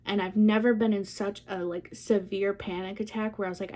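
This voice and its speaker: Soft-spoken young woman vlogging candidly. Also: mid-range voice. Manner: soft, candid, many fillers and trailing pauses. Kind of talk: casual personal storytelling.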